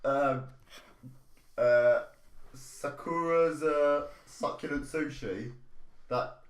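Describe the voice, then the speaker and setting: A man's voice: on the high side, drawn-out words, reverberant, faint music behind. A man voicing a blustering, pompous police constable with a Cockney accent, in an improvised comedy podcast skit.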